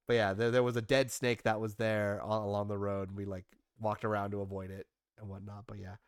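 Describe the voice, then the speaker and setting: Smooth-voiced young man rambling casually. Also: fairly low pitch, no room sound, clean studio sound. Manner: rambling, self-deprecating, swears casually. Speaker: streamer recapping a trip. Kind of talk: casual chat over photos.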